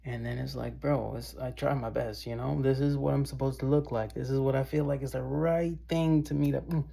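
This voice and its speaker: A man's voice: mid-range voice, steady tone, fairly quick, vocal fry, mellow. A man talking casually to his viewers in a loose, meandering monologue, often tossing in "bro" and "y'all.". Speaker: vlogger. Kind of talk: casual rambling monologue to camera.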